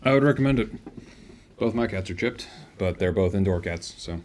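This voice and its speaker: A man's voice: sits low, normal speed, darkish tone, a little hiss or hum. A man who is the game master, chatting casually on a live tabletop stream, laid-back and direct.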